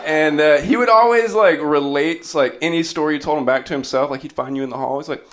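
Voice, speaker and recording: A man's voice: a little high, fast, few pauses, a bit bright. A young man from Humboldt, California, doing a rambling stand-up set on a club stage. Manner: rambling, full of restarts and "uh". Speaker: stand-up comedian. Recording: noisy live club recording.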